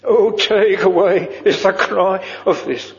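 A man preaching a solemn old-fashioned sermon in a church, slow and earnest, dropping at times to a hushed whisper. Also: sits high, steady tone. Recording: muffled old church recording with long reverb.

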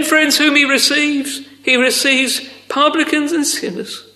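A man preaching a sermon, earnest and deliberate, addressing his listeners as friends. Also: very high-pitched, pushed and bright. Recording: echoey hall with long reverb.

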